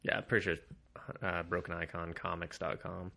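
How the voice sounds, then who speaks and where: A young man with a gravelly, bright and slightly tense voice, pitched a little low. He co-hosts a casual comics podcast, laughing often and swearing freely as he tells stories in animated bursts. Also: fairly quick. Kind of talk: casual profane chat.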